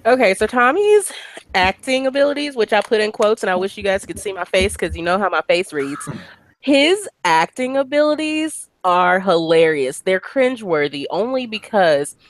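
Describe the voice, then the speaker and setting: A woman's voice: mid-range voice, moderate pace, dry recording. Amused woman, dry close sound. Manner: expressive and amused. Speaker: podcast co-host. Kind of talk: casual chat.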